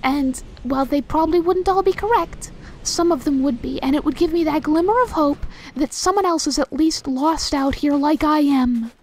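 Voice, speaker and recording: A woman's voice: sits high, normal speed, a little hiss or hum. A young woman doing casual, rambling gameplay commentary, talking to herself and getting exasperated as she plays. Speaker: let's play host.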